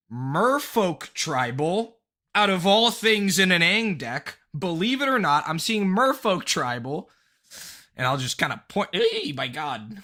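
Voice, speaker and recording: Young guy live streaming from his room, bright forceful voice, kinda high, swears a lot, rambles. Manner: excitable, swearing, rambling with restarts and laughs. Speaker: streamer reviewing viewer decks. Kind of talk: casual live stream chat. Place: his bedroom.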